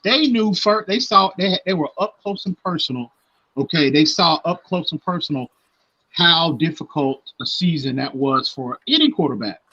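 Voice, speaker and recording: Stammering, bright-voiced man on a muffled mic. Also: a little high, moderate pace. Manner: hesitant, stammering restarts, laughs often. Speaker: podcast co-host. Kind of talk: casual sports podcast chat.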